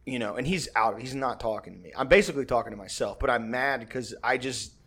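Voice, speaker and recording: A man's voice: medium pitch, fast, fairly bright tone, breathy edge. Man telling a rambling, profane story. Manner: rambling and profane, acts out quotes. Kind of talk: casual storytelling chat.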